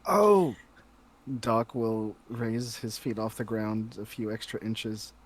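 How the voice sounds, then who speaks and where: A man's voice: fairly low pitch, monotone, a little slow. Cheerful giggly man player. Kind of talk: casual tabletop role-play.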